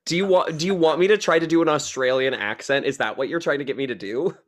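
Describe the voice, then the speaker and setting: Over a remote call, a podcast co-host gushes enthusiastically about a movie, mixing in dry teasing as they chat casually. His voice is on the high side and quick.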